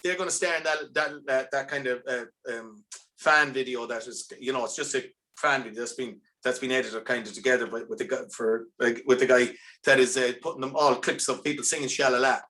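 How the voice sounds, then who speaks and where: An Irish man, a band's lead singer, chatting as a guest on a podcast and telling animated, rambling stories with many restarts over earphones on a video call. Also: mid-range voice, fairly quick. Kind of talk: casual podcast chat.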